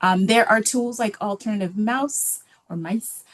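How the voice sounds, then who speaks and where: A woman presenting a library webinar in a relaxed, casual way, with many filler ums. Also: medium pitch, unhurried.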